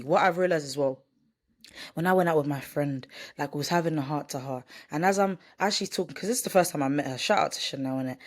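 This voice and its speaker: Candid rambling woman vlogging. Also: low-pitched. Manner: rambling and candid, with restarts and self-corrections. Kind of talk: casual vlog chat, partly read from a script.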